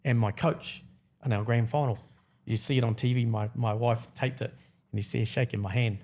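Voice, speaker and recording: A man's voice: medium pitch, moderate pace. A New Zealand man in his forties, a podcast guest telling his story casually and acting out the dialogue in slangy speech. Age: 40s. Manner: animated, acts out quoted dialogue, slangy.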